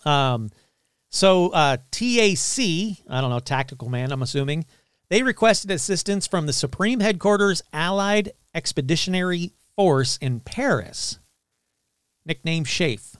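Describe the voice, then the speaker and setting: A man hosting a casual storytelling podcast, talking in an animated, irreverent way with frequent fillers and blunt asides. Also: on the high side, measured pace, clean tone, no room sound, clean studio sound. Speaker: podcast host.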